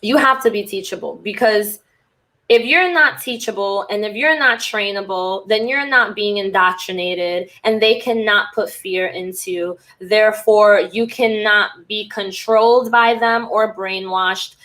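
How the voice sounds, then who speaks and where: A woman's voice: medium pitch, measured pace, fairly bright tone. A woman podcast host and cult recovery coach in a candid, rambling casual monologue who swears freely.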